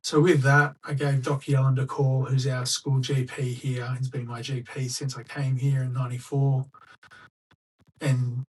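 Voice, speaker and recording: A middle-aged Australian man who works as school staff tells a personal story as a podcast guest, with a medium-pitched, slightly rough voice in a level tone at a measured pace. He is chatty and anecdotal, acting out what people said, and the recording is rough with a distant mic.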